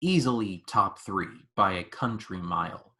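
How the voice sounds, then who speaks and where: On his podcast, a twenty-something man reviews movies in a casual, lively way, telling stories packed with "like." He has a low voice and talks a little slowly.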